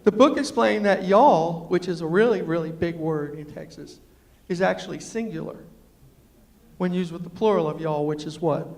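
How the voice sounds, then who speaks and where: A middle-aged New Yorker tells comic stories to a university audience at normal speed. His fairly high voice has vocal fry and carries the lecture hall's long reverb. He is animated, acting out the people he quotes.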